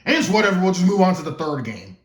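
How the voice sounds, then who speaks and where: A man's voice: high voice, big pitch swings, quick pace. Rambling young man in an echoey room. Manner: rambling, loses his script and stumbles, jokes to himself. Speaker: gaming YouTuber. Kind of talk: casual lore explainer.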